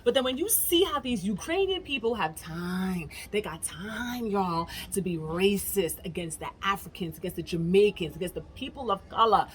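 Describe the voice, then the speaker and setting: A woman's voice: mid-range voice, lively intonation, normal speed, hardly any pauses, slight background noise. An American woman vlogger tells a story straight to camera in a casual, emphatic way, often calling out to her viewers as "y'all". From United States. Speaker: travel vlogger.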